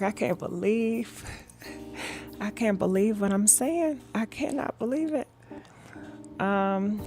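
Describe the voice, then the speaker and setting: A woman hosting a gossip live stream in a calm, soft-spoken way, chatting casually and reading viewer comments with many "all right"s and "mm-hmm"s. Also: mid-range voice. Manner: calm, soft-spoken talk instead of her usual yelling. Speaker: gossip show host.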